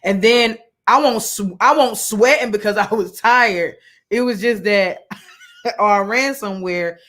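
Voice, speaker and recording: A woman's voice: medium pitch, unhurried, fairly bright tone. Woman preacher, casual storytelling sermon, rambling delivery. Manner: conversational, many fillers and restarts, colloquial. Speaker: women's Bible study teacher. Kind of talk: informal sermon with personal story.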